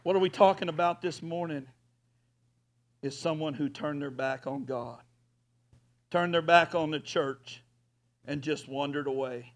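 A man preaching a folksy sermon as pastor, rising at times to loud hollers. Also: a little high, measured pace, long pauses.

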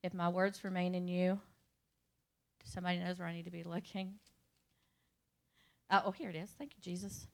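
A woman's voice: fairly low pitch, level tone, moderate pace, gravelly, long pauses. A middle-aged woman telling her personal testimony to a church congregation, talking straight to the listeners like a storyteller. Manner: conversational storytelling, talks to the audience directly. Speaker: church speaker giving testimony.

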